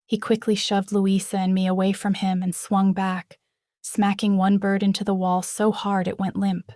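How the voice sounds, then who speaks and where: A woman reading a first-person fantasy novel aloud in a dramatic, expressive way. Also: medium pitch, moderate pace, no room sound, studio quality. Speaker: audiobook narrator.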